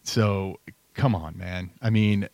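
Guy, middle-aged, low voice, chatty podcast storyteller, dry close mic. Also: takes it slowly, vocal fry, a little mellow, dry recording. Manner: conversational, storytelling, trails off and restarts. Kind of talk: casual chat.

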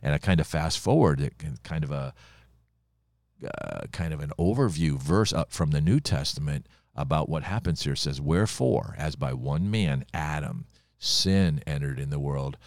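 A man's voice: a bass voice, a little slow, dry recording, studio quality. An older man, a pastor, teaching the Bible on a podcast in a folksy, conversational way, full of personal stories. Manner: folksy, storytelling preacher with personal anecdotes.

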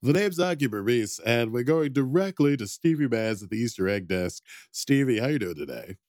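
A man voicing a male TV news anchor with a loud, showy announcer delivery. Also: medium pitch, sing-song, normal speed, no echo, clean studio sound, close to an everyday voice. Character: booming male TV anchor throwing to a reporter.

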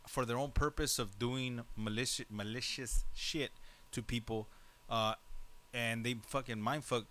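A man co-hosting a radio talk show, ranting bluntly with heavy profanity. His voice sits at an ordinary middle pitch. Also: steady tone, a little slow, bright, forceful tone. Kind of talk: casual chat.

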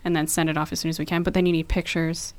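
A woman's voice: sits low, level tone, rapid-fire, no echo. A pregnant woman co-hosting a podcast in casual chat, frank and frustrated, swearing casually. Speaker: podcast co-host.

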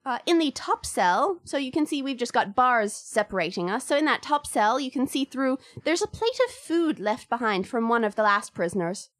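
In a tabletop game, a woman putting on a young Irish woman locked up as a witch speaks with an Irish accent, chatty and wry with a grim edge. The voice sits fairly high and dry, with no room around it. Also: animated, moderate pace, few pauses, a bit bright, no room sound.

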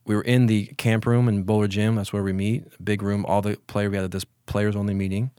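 A man in his forties, a former college football player, telling stories in a relaxed, reflective way during an interview, with many restarts. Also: fairly low pitch, clean tone, no room sound, clean studio sound. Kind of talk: casual storytelling in an interview.

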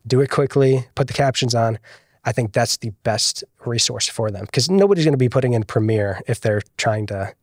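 A man talks through video advice in a loose, easygoing way, sprinkling his sentences with fillers. His voice sits at an ordinary pitch, and the recording is close and dry with no room sound. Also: brisk, no room sound. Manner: relaxed, explains with many "like" fillers. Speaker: guest video producer. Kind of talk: casual podcast interview.

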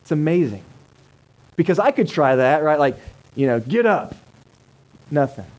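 A man's voice: fairly high pitch, lively intonation, normal speed, a little mellow, poor audio. A male pastor, preaching a sermon in a conversational way and asking the congregation rhetorical questions. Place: church service held in a cinema.

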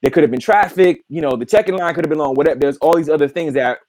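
A man's voice: fairly high pitch, rapid-fire, darkish tone, dry recording. A man co-hosting a casual podcast, explaining things at length with lots of "you know". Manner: explains at length with many fillers. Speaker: podcast co-host. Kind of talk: casual chat.

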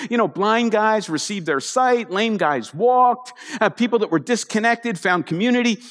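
Lively preacher in a reverberant hall. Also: male voice, high-pitched, normal speed, hardly any pauses. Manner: animated storytelling with asides to the congregation. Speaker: pastor. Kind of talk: conversational sermon.

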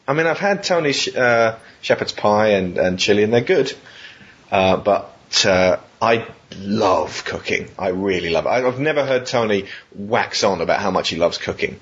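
A man answering interview questions in a lively, self-mocking way, laughing between his answers. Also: lowish voice, measured pace, breathy edge, highs cut off.

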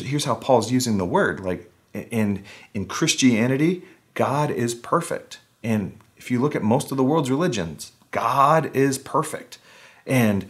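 A man preaching a casual, conversational sermon online, with wry humor, acting out the voices he quotes. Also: medium pitch. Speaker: pastor.

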